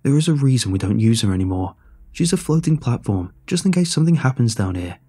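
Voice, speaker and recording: A man's voice: mid-range voice, sing-song, fast talker, warm tone, breathy edge. A man voicing a stubborn, skeptical male station chief in a story reading.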